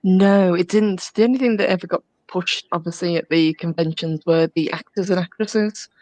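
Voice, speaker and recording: A woman's voice: on the low side, moderate pace, darkish tone, no room sound, poor audio. A woman who is a guest on a casual talk show, asking curious questions. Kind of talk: casual chat.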